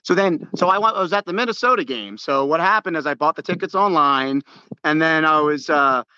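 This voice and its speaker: A man telling a sports story in casual chat, excitable and full of restarts, acting out his own shouts. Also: fairly high pitch, brisk, smooth, no echo, dull audio. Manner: many restarts and repeated words.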